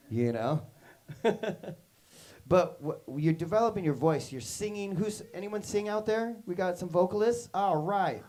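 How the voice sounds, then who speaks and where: A man's voice: high voice, lively intonation, unhurried, darkish tone. A man leading a workshop, telling stories in a casual, rambling way to young students, full of "like" and "you know" and acted-out quotes. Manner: acts out quoted voices in his stories.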